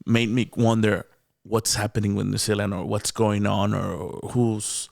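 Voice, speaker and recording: Gravelly Mexican-accented man telling a story. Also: lowish voice, measured pace, no echo, clean studio sound. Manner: animated, laughing often, acts out quoted dialogue, many restarts. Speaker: guest comedian. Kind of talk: casual storytelling in a podcast interview.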